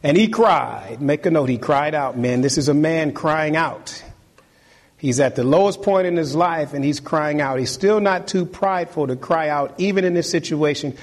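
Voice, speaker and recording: A man with a fairly high, husky voice preaches a sermon. He drives his points home by repeating key phrases and urging the congregation to take note. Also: normal speed. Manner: emphatic, repeats key phrases, exhorts listeners.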